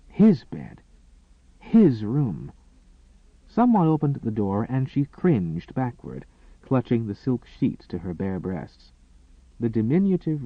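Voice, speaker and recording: Guy narrating an audiobook, super animated delivery, tinny phone-ish sound, dead dry. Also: mid-range voice, no room sound. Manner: dramatic, expressive storytelling. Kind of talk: scripted narration.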